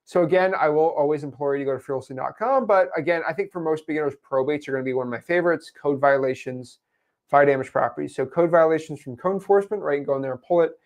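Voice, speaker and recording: A man with a slightly high voice talks fast while hosting a live Q&A, handing out relaxed coaching advice. He keeps calling people "man" and "dude."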